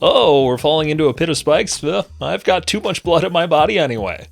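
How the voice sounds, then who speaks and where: A man voicing a relentlessly optimistic male NPC, speaking in a bright, overly cheerful way. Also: a little high, sing-song, a little fast, vocal fry, soft background music, pitched above the performer's own voice. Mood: upbeat.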